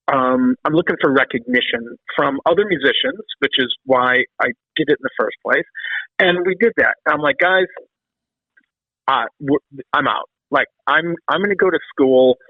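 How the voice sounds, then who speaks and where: A middle-aged man, a former metal drummer, telling long stories in a casual interview, animated and rambling, often restarting and swearing. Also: fairly high pitch, no room sound. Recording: dry, phone-like call audio.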